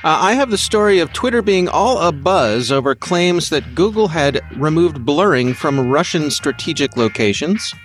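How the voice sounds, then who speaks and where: A man's voice: fairly high pitch, lively intonation, moderate pace, few pauses, soft background music. A man from the US, a guest on a podcast, chatting easily and explaining things. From United States. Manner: easygoing, explanatory, chuckling. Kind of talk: casual podcast chat.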